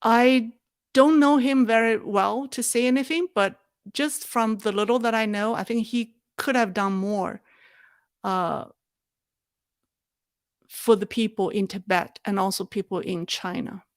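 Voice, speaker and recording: A woman hosts a live chat, answering viewer questions at a slow, unhurried pace. Her voice sits a little high, and she talks in a thoughtful, halting way. The sound is dry and close, with no room around it. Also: fairly even intonation, clear, resonant tone, dry recording. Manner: thoughtful, halting, with restarts and soft laughs. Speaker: host of a live Q&A show.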